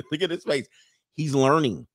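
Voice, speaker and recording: A man's voice: a little high, a little slow, no echo, clean studio sound. A man hosting a commentary show who reacts to a clip and makes his points emphatically, hammering them home by repeating them. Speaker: host.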